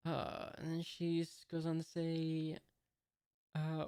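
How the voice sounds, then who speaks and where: A woman's voice: low-pitched, monotone, slow, warm tone, clean tone, no echo, clean studio sound. A woman reading a comic aloud and commenting on it casually, hesitant and thinking aloud with many fillers. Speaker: reader reacting to a comic. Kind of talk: casual read-along with commentary.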